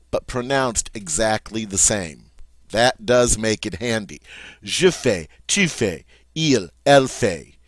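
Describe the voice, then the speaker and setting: A man's voice: mid-range voice, no echo. A man teaching French grammar, patiently spelling out verb forms letter by letter. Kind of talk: recorded grammar lesson.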